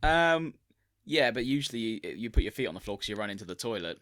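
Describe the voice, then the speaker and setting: A young man with a low voice trades wry, deadpan asides in casual podcast chat. He is recorded close and dry. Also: quick pace, no echo. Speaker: podcast co-host.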